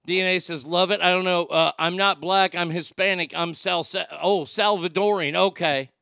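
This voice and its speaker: A man's voice: sits high, fairly even intonation, moderate pace, vocal fry, pushed and bright, smooth, faint music behind. A man from Oklahoma hosting a livestream, reading out viewer comments with jokes and banter. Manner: bantering, joking, reads comments aloud. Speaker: livestream host.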